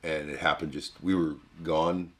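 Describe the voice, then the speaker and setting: An older man co-hosting a casual podcast, talking in a folksy, halting way with many restarts. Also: extremely low pitch, flat delivery, fairly bright tone. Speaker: podcast co-host. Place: cabin.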